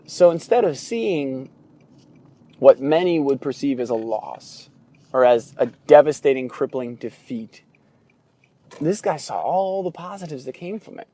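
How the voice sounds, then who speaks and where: A podcast host retelling stories in a casual monologue and acting out the people he quotes. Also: a little high. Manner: animated retelling, acts out quoted voices, laughs at himself. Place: in a vehicle during a commute.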